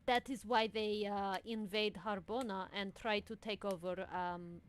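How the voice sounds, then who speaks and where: A woman playing in a tabletop game, talking in a chatty, halting way with broken English. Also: medium pitch, steady tone, a little hiss or hum. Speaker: player. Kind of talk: casual tabletop game talk.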